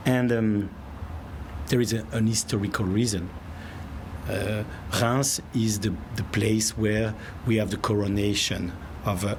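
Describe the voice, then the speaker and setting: A man with a French accent talks through his answer slowly, pausing to find his English words. His voice sits a little low. A clear layer of background noise runs under the recording. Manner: thoughtful, searching for words. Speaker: winemaker and CEO. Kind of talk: interview answer.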